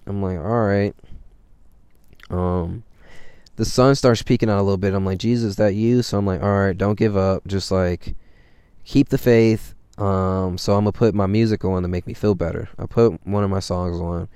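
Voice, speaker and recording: A low, mellow-voiced young man tells a story in a loose, rambling way, with plenty of swearing and filler words. His voice has a gravelly, smooth edge, and the sound is dry and close. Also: fairly even intonation, moderate pace, no echo. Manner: rambling and profane, with constant fillers. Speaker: vlogger. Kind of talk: casual storytelling.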